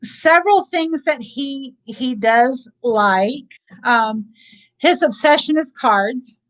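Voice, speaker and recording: A woman whose voice sits a bit high for her sex talks as a parent guest in easy, casual chat. She rambles, restarting sentences and leaning on "you know" again and again. The audio comes through muffled and lo-fi. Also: takes it slowly.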